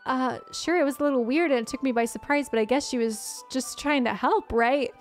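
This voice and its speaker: A young woman streams a visual novel game and reads it aloud. Her voice sits fairly high. She keeps the reading quick and playful. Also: soft background music.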